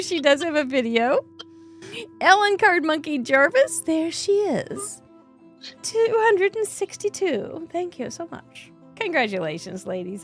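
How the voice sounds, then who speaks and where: Bubbly woman host reading names, voice bouncing all over, music faint behind. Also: sits high. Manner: upbeat, laughs often. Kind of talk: live craft show chat, reading out names.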